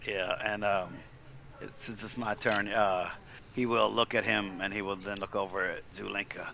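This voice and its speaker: A man's voice: fairly low pitch, steady tone, moderate pace, gravelly, bright, forceful tone, a little hiss or hum. A man casually describing his character's moves in a tabletop game. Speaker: player.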